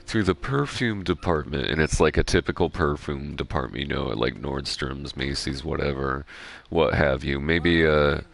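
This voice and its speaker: A man's voice: very deep voice, fairly even intonation, moderate pace, vocal fry, a bit bright. A young man giving rambling, joking gameplay commentary with casual profanity. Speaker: gaming streamer.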